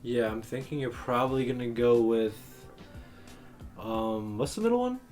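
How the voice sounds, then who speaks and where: A young man co-hosting a casual chat as the producer, teasing his partner in quick back-and-forth. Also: mid-range voice, big pitch swings, darkish tone, soft background music. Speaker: producer and co-host.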